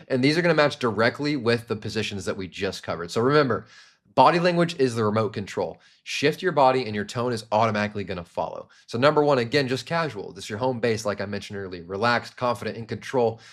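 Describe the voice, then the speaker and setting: A young man teaching a sales training class in an energetic instructional monologue, now and then acting out short example lines. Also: lowish voice. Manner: energetic, demonstrates tones with quick acted examples. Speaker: sales coach.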